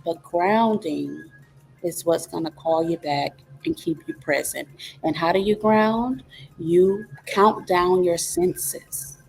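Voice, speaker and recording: A woman speaks slowly and deliberately in a lowish voice, hosting a reflective wellness talk. She teaches in a calm way, posing question after question as she guides the listener step by step. Soft music plays faintly behind her. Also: gravelly. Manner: calm, teaching, walks through steps with rhetorical questions. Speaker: host.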